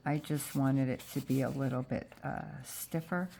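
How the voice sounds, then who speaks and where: A woman's voice: very deep voice, steady tone, normal speed, vocal fry, background noise. A woman with a stuffy, congested voice from allergies, chatting casually through a crafting tutorial with frequent fillers. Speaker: junk journal crafter.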